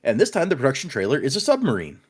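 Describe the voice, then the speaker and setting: A man's voice: medium pitch, wildly swooping pitch, racing, husky. A man hosting a casual book-club podcast, recapping chapters in a laid-back, chuckling way with loose run-on sentences. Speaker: podcast host.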